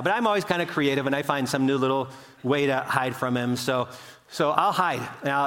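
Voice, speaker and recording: An older man preaching a sermon, earnest and conversational, acting out quoted voices as he tells stories. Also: a bit bright. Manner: earnest, storytelling, acts out quotes with pitch swings. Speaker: pastor.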